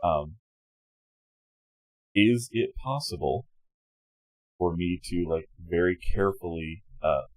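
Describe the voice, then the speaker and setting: A man playing in a tabletop game, talking animatedly and joking with loud outbursts. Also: low-pitched, animated, slow, pauses often, rough recording. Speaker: player. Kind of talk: tabletop game play over a call.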